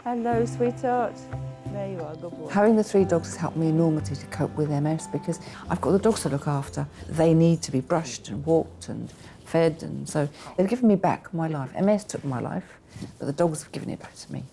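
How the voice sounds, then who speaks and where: Middle-aged woman from Jersey, deep warm tone, heartfelt interviewee. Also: lively intonation, a little fast, gravelly, soft background music. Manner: plain, heartfelt telling. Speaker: dog owner. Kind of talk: documentary interview.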